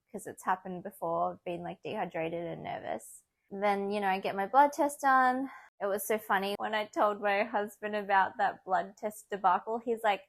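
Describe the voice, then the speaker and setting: A young woman, chatting casually in a vlog, animated and often laughing as she acts out what others said. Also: mid-range voice. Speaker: vlogger.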